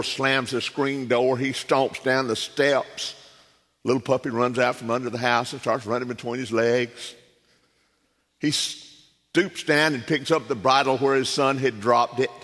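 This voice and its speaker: A man's voice: medium pitch, fairly bright tone, long reverb tail. A man from South Carolina preaching as a guest, in a folksy, conversational way with many fillers. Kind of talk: sermon with folksy storytelling. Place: church sanctuary.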